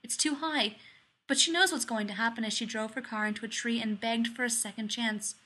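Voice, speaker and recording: A woman reading fiction aloud in a measured, expressive storytelling manner. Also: fairly high pitch. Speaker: audiobook narrator.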